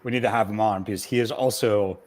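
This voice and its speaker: An easygoing man talks casually in a meeting, halting often with fillers. His voice sits fairly low. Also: steady tone, a little mellow. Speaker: crew member.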